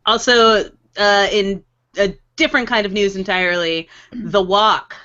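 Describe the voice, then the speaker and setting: A woman's voice: mid-range voice, steady tone, measured pace, bright, forceful tone. A woman hosting a podcast, chatting casually and laughing often as she quotes people in playful voices. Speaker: podcast host. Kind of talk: casual chat. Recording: dull lo-fi podcast audio.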